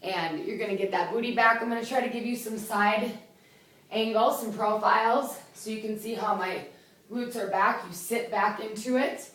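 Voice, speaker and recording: A woman leading a home workout, with a loud voice, out of breath as she exercises and counts reps in a chatty way. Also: on the high side, moderate pace. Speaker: fitness instructor. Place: small indoor room. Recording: echoey room from a distance.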